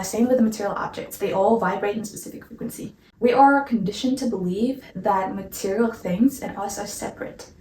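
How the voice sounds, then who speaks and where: A woman's voice: medium pitch, darkish tone, slight background noise. A young woman explaining an idea in a casual vlog, earnest and hedging, with repeated disclaimers that she is no expert. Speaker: vlogger. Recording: roomy echo, mic at a distance.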